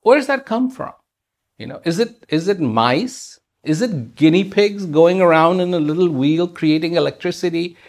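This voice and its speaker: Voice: mid-range voice, expressive, normal speed. A speaker giving a reflective spiritual talk, using rhetorical questions and repetition for emphasis.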